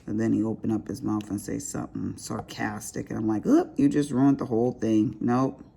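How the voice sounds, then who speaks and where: Chatty woman with a gravelly voice. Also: extremely low pitch, normal speed. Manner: chatty, expressive, calls listeners honey. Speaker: diamond painting vlogger. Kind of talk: casual chat while crafting.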